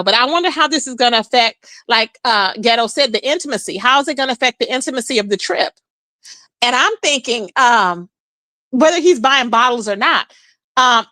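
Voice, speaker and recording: A woman's voice: a little high, bright, forceful tone, dry recording. A woman hosting a casual gossip livestream, chatting with her viewers and calling them "child" and "baby.". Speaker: livestream host.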